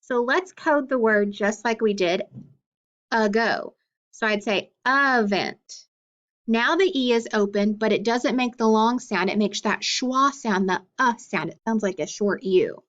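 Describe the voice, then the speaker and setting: A woman's voice: fairly high pitch, moderate pace, few pauses, lo-fi sound. A woman teacher giving a phonics lesson to young students, patient and questioning as she sounds out words.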